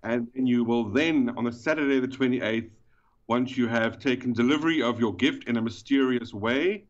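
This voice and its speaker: A man with a South African accent speaks as a podcast guest, walking through the details step by step. He often stops on fillers. His sound is dull and slightly lo-fi. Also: medium pitch. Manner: explanatory, with frequent pauses and fillers. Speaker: guest, event organizer. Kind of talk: podcast interview.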